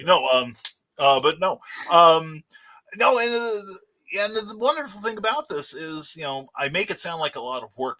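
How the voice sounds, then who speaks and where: A man, a guest author, telling stories in a casual interview, animated and full of fillers. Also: mid-range voice. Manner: animated storyteller, many fillers.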